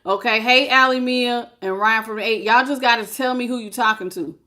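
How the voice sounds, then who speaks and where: Talking a little fast, a fairly high-voiced woman gives a live tarot reading in a lively, casual, slang-filled style. Along the way she laughs frequently and greets her viewers by name.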